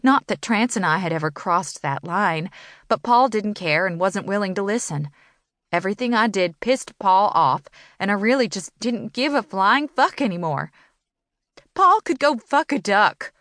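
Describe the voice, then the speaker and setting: A woman's voice: medium pitch, expressive, normal speed, a bit bright, no room sound, clean studio sound. A woman reading a first-person story as an audiobook narrator, in an emotional storytelling manner.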